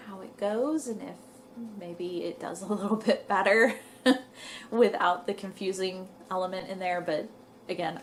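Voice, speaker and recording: A young woman chats to her viewers in a casual, rambling way. Her voice sits at a middling pitch and she sounds a little out of breath. Faint background noise runs under her talk. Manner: rambling, chatty, says "y'all". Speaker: knitting vlogger. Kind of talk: casual chat to camera.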